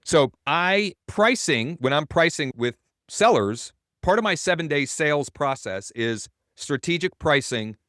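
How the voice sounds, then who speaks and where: A man's voice: fairly high pitch, expressive, a little slow, fairly bright tone, no room sound, clean studio sound. A man coaching real estate agents in a webinar, telling a story in a casual, rambling way and correcting himself as he goes.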